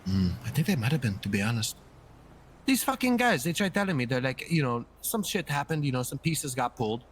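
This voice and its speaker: A man talking in character in a roleplay game, swearing constantly and rambling excitedly through a story. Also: medium pitch, brisk, slight background noise.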